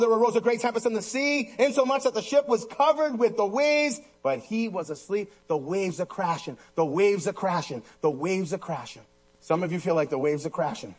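A middle-aged man preaches a radio sermon in a notably high voice. He drops to a hush, then bursts into shouts. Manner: animated, swings from hushed to shouting. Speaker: pastor.

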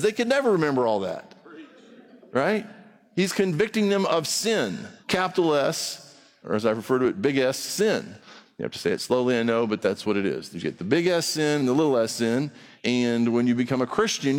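A man preaching a sermon to a congregation in a conversational style, with quick rhetorical asides. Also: on the high side, big-room sound. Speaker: pastor.

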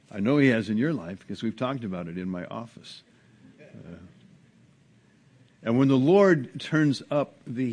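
A male pastor delivers a sermon in a church sanctuary. His voice sits in an ordinary middle pitch, earnest and conversational, climbing in emphasis and then falling to a hushed, drawn-out close. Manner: earnest preaching with strong rises and hushed drops.

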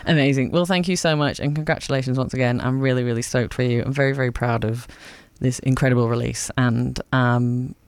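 A man's voice: mid-range voice, steady tone, brisk, few pauses, clean tone, no echo. A man hosting a late-night community radio show in a studio, chatty and enthusiastic, with plenty of ums.

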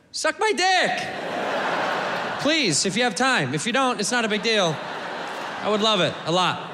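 A man doing a stand-up comedy set, loud and brash, acting out the voices of people in his bits. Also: very high voice, in a large hall, a little hiss or hum.

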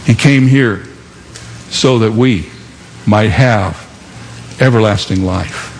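Male pastor, impassioned sermon, dramatic pauses, live hall reverb. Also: lowish voice, slight background noise.

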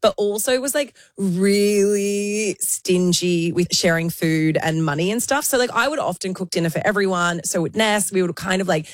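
A woman, co-hosting a podcast and telling animated stories in casual chat. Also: medium pitch, normal speed, few pauses, no room sound, studio quality. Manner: animated storyteller, laughing. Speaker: podcast co-host.

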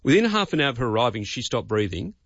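A man's voice: medium pitch, big pitch swings, quick pace, dry recording, highs cut off. A man, a radio host speaking heartfelt and a little stumbling. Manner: heartfelt, stumbling, repeating words. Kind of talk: radio interview.

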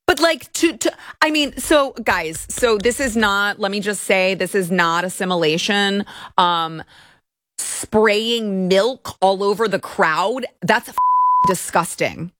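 A woman's voice: medium pitch, slow pace, a bit bright, no room sound. Woman from Texas, show host, indignant rants with stammered restarts, dry close sound. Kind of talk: opinionated commentary.

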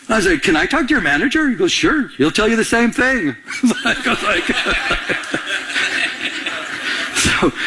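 Husky animated preacher man. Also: high-pitched. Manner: animated, acts out both sides of dialogue. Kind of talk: sermon storytelling.

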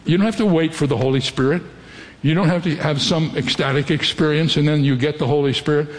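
An older male pastor delivers a sermon in an earnest, direct way, often turning to the congregation with questions. His voice sits a little high for a man. The sound carries a long reverb, like a large hall. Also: fairly quick.

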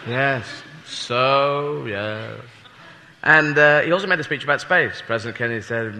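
A man's voice: medium pitch, unhurried, pushed and bright. A British man doing a rambling, self-mocking stand-up comedy set before a live audience. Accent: British English. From Britain. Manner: rambling, self-mocking, slips into silly voices. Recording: echoey hall with audience noise.

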